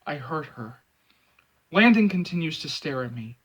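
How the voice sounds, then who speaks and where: A man hosts a movie fan channel, reading aloud and then chatting casually. His voice is high and bright, with a lively, swinging pitch and an animated delivery. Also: normal speed, slightly rough, rough recording. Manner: animated, expressive.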